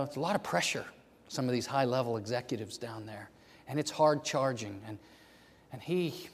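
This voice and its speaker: A man preaching a sermon in a church, moving between loud, fervent passages and hushed near-whispers. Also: mid-range voice. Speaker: pastor. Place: church sanctuary. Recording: long hall reverb.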